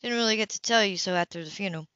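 A woman's voice: medium pitch, very fast, fairly bright tone, no room sound, muffled recording, lightly acted. A woman reading the part of a chatty older grandmother, homely and friendly.

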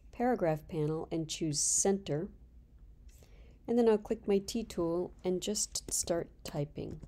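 Slow, low-voiced woman instructor. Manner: calm step-by-step explaining. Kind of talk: screen-recorded software tutorial.

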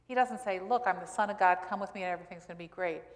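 A woman's voice: lowish voice, rapid-fire. A woman pastor giving a sermon in a conversational style, asking the congregation questions as she goes. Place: church sanctuary. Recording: church hall reverb.

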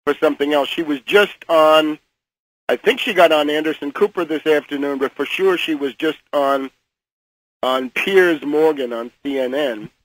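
Older man, fairly high voice, radio guest, halting and repetitive, critical, dry close sound. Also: a bit bright, no echo, low-quality recording. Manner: hesitant, repeats words, pointed criticism. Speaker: guest commentator. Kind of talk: phone-in radio interview.

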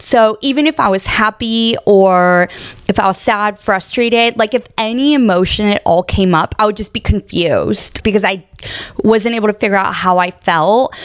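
A woman hosting a casual solo podcast, telling stories in a candid, expressive way and swearing often. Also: medium pitch, clean tone, no room sound, studio quality. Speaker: podcast host.

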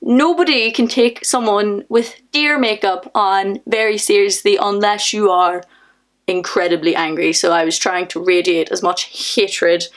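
A young woman with a Northern Irish accent, telling a story in a casual, animated vlog with lots of fillers. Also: mid-range voice, unhurried. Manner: chatty, animated, many fillers, laughs often. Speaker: vlogger.

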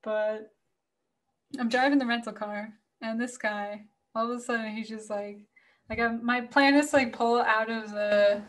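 A woman from Florida telling a story in casual podcast chat, animated, filling her talk with "like" and cursing freely. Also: fairly high pitch, a little slow. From Florida, USA. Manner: animated, heavy use of "like", swears freely. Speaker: podcast guest.

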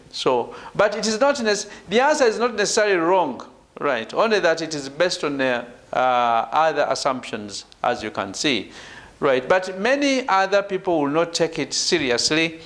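A man from Uganda giving a university lecture, emphatic, with "right" and "ladies and gentlemen" tagged onto his phrases. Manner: emphatic, falls low at phrase ends. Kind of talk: academic lecture.

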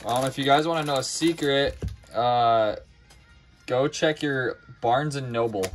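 A man's voice: mid-range voice, a little slow, faint music behind. Man rattling off cards, casual break host. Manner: rattles off card names, stumbles and restarts words. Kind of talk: casual live card break commentary.

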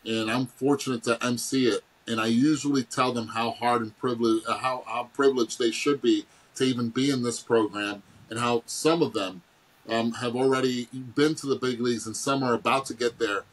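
Speaking at an ordinary pace on a rough recording, a middle-aged ex-ballplayer guest shares casual stories in an animated way. When he quotes people he jumps sharply in pitch, and he laughs as he goes.

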